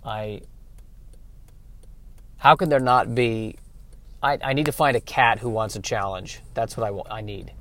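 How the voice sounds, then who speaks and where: A man's voice: fairly low pitch, steady tone, unhurried, pauses often, a bit bright. A man hosting a casual comedic solo podcast, rambling in a self-deprecating way and often restarting his sentences. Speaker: podcast host.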